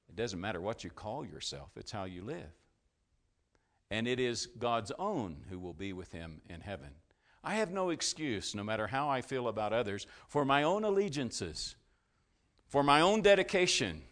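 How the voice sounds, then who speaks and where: A man preaching a sermon with a lively, swinging voice. He poses questions to the congregation and answers them himself. His delivery builds to loud, fervent peaks, then falls back to a hushed, low tone. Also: measured pace. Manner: impassioned, rising to loud climaxes then dropping low.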